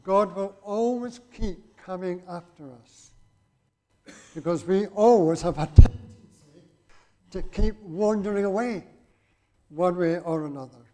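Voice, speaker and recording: A man preaching to a congregation in a rather high voice. He reads scripture aloud and talks in a conversational way, turning to the listeners with rhetorical questions. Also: unhurried, pauses often, dark tone. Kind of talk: sermon with scripture reading.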